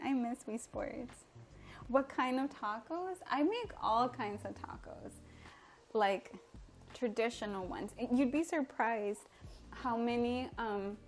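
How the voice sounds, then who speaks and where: A woman's voice: on the high side, darkish tone, a little hiss or hum. A young woman from Mexico, chatting casually and giggling as she cooks and answers viewer comments on a home livestream. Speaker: livestream host. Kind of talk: casual live-stream chat while cooking. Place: home kitchen.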